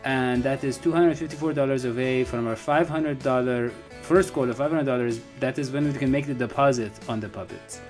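A man's voice: medium pitch, fairly quick, few pauses, darkish tone. A man with an ordinary mid-range voice co-hosts a comedy sports podcast. He talks in an easygoing, folksy way with cowboy-style slang, and faint music plays behind him. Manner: folksy, laid-back, cowboy-style turns of phrase. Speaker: co-host.

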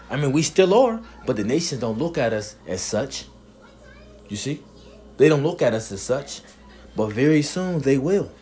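A man preaching a sermon, reading scripture verses slowly and then explaining them, asking "you see?" again and again. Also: mid-range voice, darkish tone. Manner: emphatic, punctuates with "you see?".

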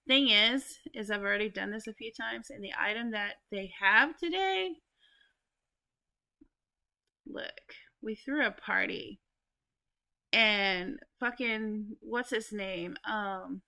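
A woman's voice: medium pitch, gravelly, bright, forceful tone. A young woman giving casual, profanity-laced commentary while playing a life-sim game, chatting to viewers, laughing often and talking back at the characters. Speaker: gaming YouTuber. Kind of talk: casual let's play commentary.

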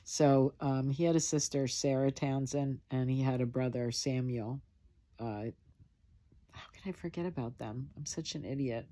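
A woman telling her family's history in a casual talk, rambling and halting, with many pauses and fillers. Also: extremely low pitch, warm tone.

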